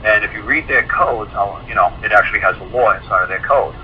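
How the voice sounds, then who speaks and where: A man's voice: fairly low pitch, fast talker. A man casually telling a long personal story in a folksy way, laughing now and then and acting out both sides of conversations. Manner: folksy, laughing, quotes people in dialogue. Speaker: guest speaker telling a story. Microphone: phone or internet call. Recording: muffled call-in audio with faint hiss.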